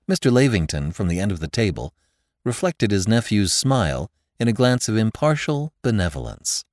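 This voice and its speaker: A man narrating a classic story in a measured, expressive way. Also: lowish voice, no echo, clean studio sound. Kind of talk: audiobook narration.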